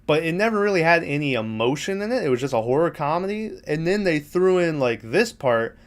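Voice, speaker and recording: A man's voice: fairly high pitch, big pitch swings, a little fast. A man hosting a podcast, recapping a film in a rambling, casual, profane way, laughing now and then. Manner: rambling, profane, laughs while retelling scenes. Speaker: podcast host.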